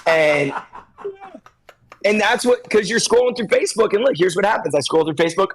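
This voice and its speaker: A man's voice: high voice, animated, brisk, long pauses, low-quality recording. A man speaking as the guest expert on a podcast chat, coaching stylists in an emphatic way and acting out little scenes. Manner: acts out little scenes in different voices.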